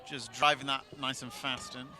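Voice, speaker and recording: A man's voice: mid-range voice, little pitch movement, moderate pace, noisy background. A man doing live match commentary outdoors with jokey, chatty banter.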